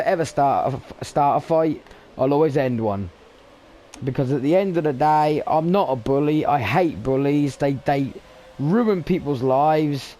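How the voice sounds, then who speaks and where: A man's voice: fairly high pitch, warm tone. Chatty, blunt young British man. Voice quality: swears freely, chatty, blunt. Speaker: gaming streamer. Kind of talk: casual rambling chat over gameplay.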